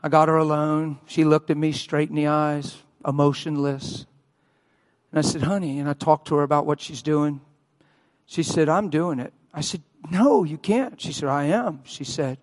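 A man preaching a sermon as a pastor, telling a story and acting out the quotes with loud cries. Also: flat delivery, moderate pace. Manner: acts out quotes, shouting and wailing at high peaks. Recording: long hall reverb.

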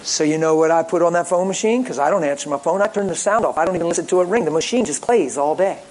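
Lively storytelling preacher, a man. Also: fairly high pitch, fast, background noise. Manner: lively, jokey, acts out callers in voices. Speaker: pastor. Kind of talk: sermon with storytelling.

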